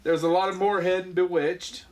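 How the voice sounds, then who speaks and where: A man's voice: sits high, flat delivery, fast, darkish tone, a little hiss or hum. A man hosting a comedy podcast, bantering casually and steering the talk back on topic between crude jokes. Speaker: podcast host.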